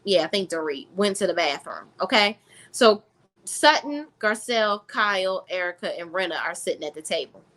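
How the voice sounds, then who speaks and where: A woman's voice: mid-range voice, expressive, moderate pace, fairly bright tone. A woman recapping a reality TV episode in a blunt, profane, sassy style, talking straight to her viewers. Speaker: reality TV reviewer. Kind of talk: casual recap vlog.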